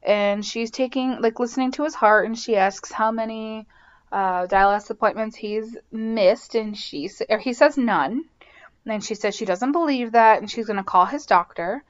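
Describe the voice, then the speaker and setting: A woman's voice: on the high side, moderate pace, lo-fi sound. A woman hosting a podcast, casually recapping a TV episode, chatty and full of "like" and "um". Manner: chatty, lots of "like" and "um". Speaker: podcast host.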